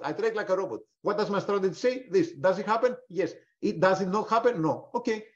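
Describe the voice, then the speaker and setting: A man's voice: high-pitched, a little fast, highs cut off. A man, a prop trader, teaching a live webinar, firing rhetorical questions and answering them himself, with the odd swear word.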